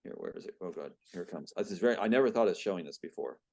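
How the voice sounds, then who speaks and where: A man's voice: deep voice, animated, racing, darkish tone. A man guest in an interview, talking earnestly and growing emotional as he reads his own screenplay aloud. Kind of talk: interview conversation, reading aloud.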